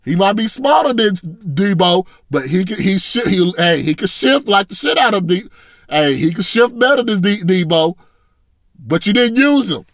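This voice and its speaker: A man's voice: high voice, sing-song, moderate pace, dry recording, clean studio sound. A man ranting as a fan, blunt and profane, in a casual, frustrated reaction. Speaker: sports fan commentator.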